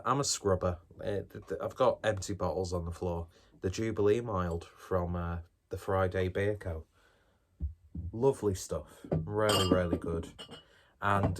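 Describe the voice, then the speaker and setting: Low-voiced, wry man reviewing beer. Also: a little hiss or hum. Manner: chatty and wry, with off-the-cuff swearing. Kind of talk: casual beer review vlog.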